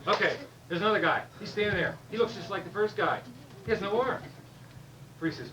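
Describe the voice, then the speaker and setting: A man telling a stand-up joke with lively storytelling and loud sound effects. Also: high voice, a little fast. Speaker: stand-up comedian. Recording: distant mic, noisy room.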